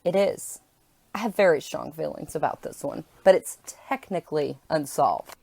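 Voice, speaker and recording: A woman's voice: sits low, moderate pace, gravelly, mellow, slightly rough, no echo. A woman co-hosting a true crime podcast, chatting casually and then reading case background steadily. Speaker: podcast co-host and storyteller.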